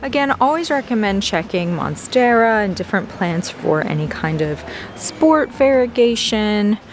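A woman's voice: mid-range voice, unhurried, faint music behind. Chatty woman vlogging in a store. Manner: chatty, easily excited. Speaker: plant vlogger. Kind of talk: casual walk-through narration. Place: big box store garden center.

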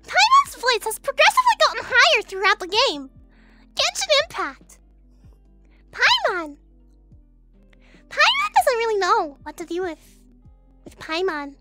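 A woman's voice: extremely high pitch, huge pitch swings, unhurried, pauses often, loud music behind the voice, pitched above the performer's own voice, exaggerated voice. A woman voicing a tiny chirpy female fairy companion who talks about herself in the third person, on a livestream. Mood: squeaky. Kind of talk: VRChat livestream.

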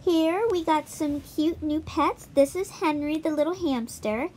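A woman's voice: sits high, unhurried, darkish tone, slight background noise. A woman giving a casual, chatty walkthrough of a mobile game, talking straight to her viewers. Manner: chatty, addresses viewers directly. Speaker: gaming YouTuber.

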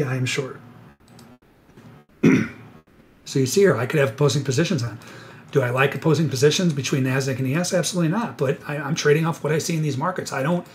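A man giving live trading commentary on a webinar, excitable and sarcastic, rambling with self-corrections, a little out of breath. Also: medium pitch, a little hiss or hum. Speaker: futures trader presenting a live webinar.

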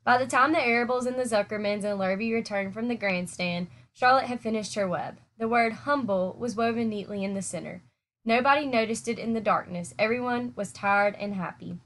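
A woman teacher reading a children's chapter book aloud in a steady, clear storytelling manner. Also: on the high side, brisk.

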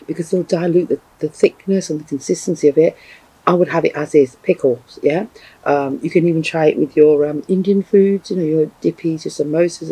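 A man's voice: on the high side, mellow, breathy edge, no room sound, low-quality recording. A man reviewing chilli pickles in a vlog, gushing and effusive with repeated exclamations. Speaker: food reviewer. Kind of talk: enthusiastic product review vlog.

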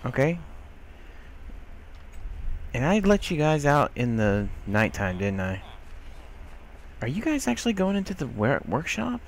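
In a sing-song, mid-range voice at a measured pace full of long pauses, a gameplay commentator chats casually through his let's-play, a faint hiss or hum underneath. He grumbles and scolds the characters on screen, talking to them in exasperation and swearing mildly.

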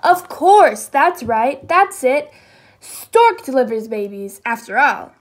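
A woman's voice: sits high, big pitch swings, slow, heavily acted. A woman voicing a giggly, confident lion in a children's story. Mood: teasing.

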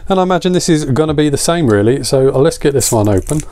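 A man's voice: on the high side, lively intonation, quick pace, mellow. A man, a little out of breath, chatting casually and enthusiastically as he reviews a beer on camera.

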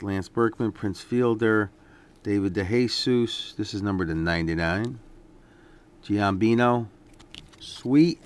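Low, slow-talking casual man. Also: noisy background. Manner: relaxed, rambling, lots of fillers. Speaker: card collector vlogger. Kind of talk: casual unboxing commentary.

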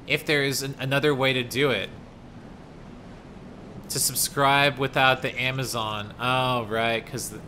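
A young man chatting to his viewers and reacting loudly while he streams a game, with frequent panicky outbursts. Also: mid-range voice, slight background noise. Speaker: gaming streamer. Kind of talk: live gameplay commentary. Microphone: desk microphone.

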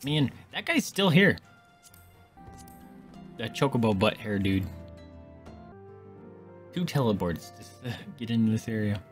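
A man's voice: lowish voice, animated, measured pace, pauses often, soft background music. A man streaming a game, chatting casually and reacting to what happens. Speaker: gaming streamer. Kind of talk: casual let's play commentary.

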